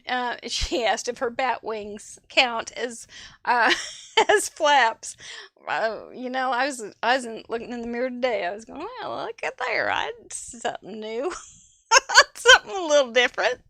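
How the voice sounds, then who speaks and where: Woman, craft show host, chatty and effusive, bright voice, dry close sound. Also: on the high side, no echo. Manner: chatty and effusive, laughs often, rambling asides. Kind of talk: live-stream casual chat, showing viewer cards.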